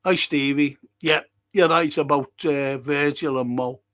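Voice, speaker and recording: A man's voice: on the high side, steady tone, unhurried, a bit bright. An older man hosting a live podcast, reading viewer comments and talking in a rambling, passionate way, swearing freely. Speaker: podcast host.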